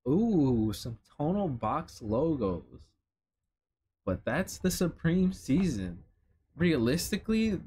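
A young man from Chicago talking casually and excitedly, with lots of slang and swearing, as he reacts to new streetwear items. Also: medium pitch, slight background noise. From Chicago, United States. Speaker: streetwear vlogger. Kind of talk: casual commentary while browsing a lookbook.

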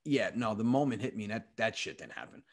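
A man, a comedian, telling a personal story with animated, profane energy. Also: lowish voice. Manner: animated, profane, quick-talking. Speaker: comedian guest. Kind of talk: comic storytelling.

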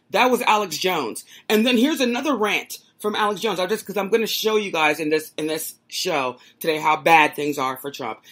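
A woman hosting a political commentary show, talking casually and incredulously with laughing asides. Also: lowish voice.

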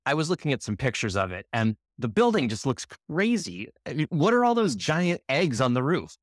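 Wry male co-host, expressive delivery, dry close-mic sound. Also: medium pitch, fairly quick, no echo. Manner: teasing, wry. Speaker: podcast co-host. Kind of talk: scripted comedy banter.

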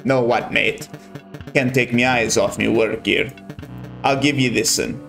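A man voicing a gruff male game opponent with a mock Scottish accent, brusque and dismissive. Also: medium pitch, steady tone, measured pace, fairly bright tone, faint music behind.

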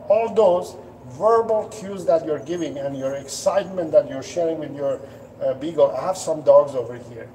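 Heard through a distant mic with a little hiss or hum, this poor recording captures a dog trainer at home, dogs close by, taking viewer questions on a casual stream. His fairly high, mellow voice moves at normal speed. He's patient and explanatory, slipping into playful voices to show what a dog might be thinking.

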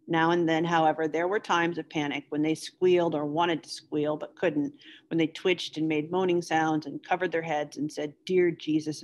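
A woman teacher reading a novel aloud to students in a measured, steady way. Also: low voice. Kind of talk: read-aloud novel narration.

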